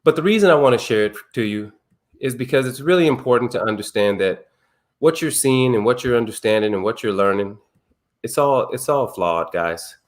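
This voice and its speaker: A man's voice: mid-range voice, animated, normal speed. A man hosting an online men's circle on a video call, talking casually and emphatically with slang, telling personal stories. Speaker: circle host. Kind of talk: casual group talk.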